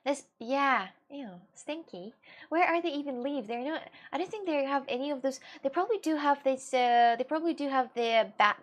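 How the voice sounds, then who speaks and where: A woman's voice: sits high, moderate pace. A young woman whose first language is Russian, livestreaming and chatting casually with her viewers, scattered and giggly, often laughing and restarting her sentences. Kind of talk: casual chat with live viewers.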